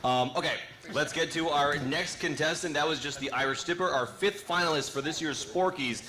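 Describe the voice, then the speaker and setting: A man's voice: on the high side, normal speed, bright, forceful tone. A man hosting a live food judging contest, playful and teasing with the judges.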